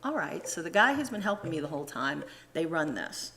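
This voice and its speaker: A woman speaking as a guest at a church, telling a personal travel story in an animated way and acting out the dialogue. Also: low voice, brisk.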